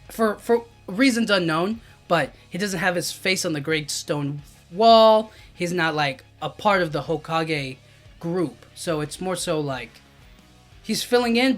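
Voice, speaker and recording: A man recapping a manga chapter in a loose, casual way, filling his talk with "like" and "you know what I mean", with faint music behind. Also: fairly high pitch. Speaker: anime and manga reviewer.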